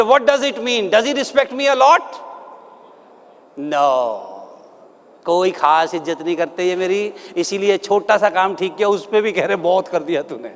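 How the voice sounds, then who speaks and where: Man, motivational trainer, very high voice, energetic crowd-rouser, long hall reverb. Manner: energetic, rallies the audience with questions and calls. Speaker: motivational speaker. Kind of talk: live motivational seminar. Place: large seminar hall with a live audience.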